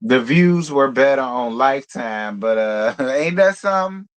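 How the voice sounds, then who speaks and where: A man hosting a live reality TV review in casual commentary, sassy and blunt, with profane, animated asides. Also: mid-range voice, unhurried, smooth.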